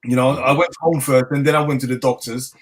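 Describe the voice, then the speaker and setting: A man's voice: medium pitch, brisk. A middle-aged man with a London accent, telling his story in a casual interview and acting out the dialogue. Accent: London English. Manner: animated, acts out dialogue, laughs often. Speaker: chef and interview guest.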